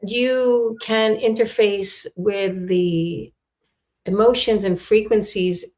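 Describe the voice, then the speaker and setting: A woman of middle pitch talks as a guest in a relaxed chat. Her delivery is soothing and gentle, drifting into spiritual ideas. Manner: slow, soothing spiritual talk. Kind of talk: casual chat.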